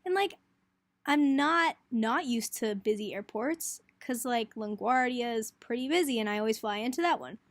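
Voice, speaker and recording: A woman's voice: a little high, expressive, moderate pace, no echo. A young woman, a college student, chattily retelling a hectic trip in a casual vlog and acting out the quotes. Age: young adult. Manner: chatty, breathless retelling, lots of "like", acts out quotes.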